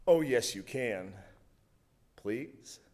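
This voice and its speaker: A man's voice: mid-range voice, expressive, extremely slow, darkish tone. A man voicing a young man who keeps pleading for a goodnight kiss. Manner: wheedling, pleading.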